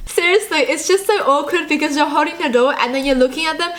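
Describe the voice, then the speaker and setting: A woman hosting a casual reaction vlog, chatty and self-mocking, with quick asides to her viewers. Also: high-pitched, a bit bright. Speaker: YouTube host.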